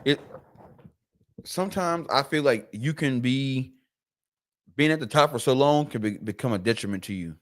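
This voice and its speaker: A man's voice: mid-range voice, normal speed, long pauses. A man co-hosting a podcast, chatting casually about sports, restarting phrases and acting out the people he quotes. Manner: animated storyteller, acts out quoted voices, repeats words. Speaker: podcast co-host.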